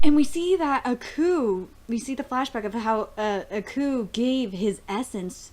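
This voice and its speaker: Young woman, excited reviewer, laughing, swearing, slightly high voice. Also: unhurried, a little hiss or hum. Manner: gushing, laughing often, swears freely, quotes characters. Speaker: show reviewer. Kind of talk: excited casual episode review.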